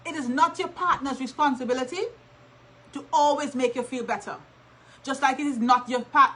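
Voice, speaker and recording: Bright-voiced woman giving emphatic advice. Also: a little high, rough recording. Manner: emphatic, repeats key points. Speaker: co-host. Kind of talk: casual advice talk.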